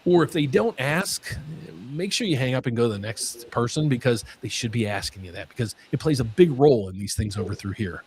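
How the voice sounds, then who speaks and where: A man hosting a mortgage Q&A stream, talking in an excitable way and often repeating his words. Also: mid-range voice, fairly quick, few pauses, slight background noise. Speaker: mortgage lender host.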